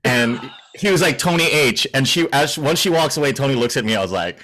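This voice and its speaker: A man chatting casually with friends, laughing often and throwing in quick jokes. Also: mid-range voice, animated, a bit bright. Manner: giggly, quick quips. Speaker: DJ and podcast guest. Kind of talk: casual chat.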